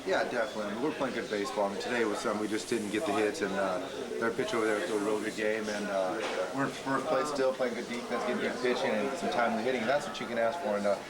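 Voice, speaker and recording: A man's voice: lowish voice, fairly even intonation, rapid-fire. A baseball manager, a man, talking upbeat and plain in a post-game interview at a ballpark. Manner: upbeat, plain-spoken, many fillers. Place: outdoors at a ballpark. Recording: loud crowd behind.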